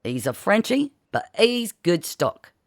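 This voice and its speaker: A narrator voicing a rowdy fourteen-year-old boy who leads a gang of street urchins, loud and mocking in rough street slang. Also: mid-range voice, very animated, slow pace, voice pushed up, full character voice. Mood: boisterous. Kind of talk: storybook character voice.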